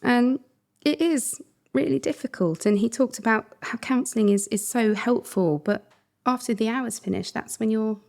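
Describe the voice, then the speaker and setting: A middle-aged woman co-hosting a podcast, talking in an earnest, conversational way and laughing softly between thoughts. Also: on the high side, moderate pace, creaky. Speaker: podcast co-host. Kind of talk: reflective podcast chat.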